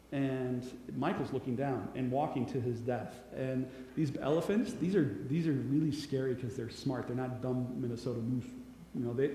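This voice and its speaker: A middle-aged man telling a lively personal story to an audience as a public speaker. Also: mid-range voice, a little hiss or hum. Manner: animated storyteller, bursts of loud acted shouts. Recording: echoey hall with long reverb.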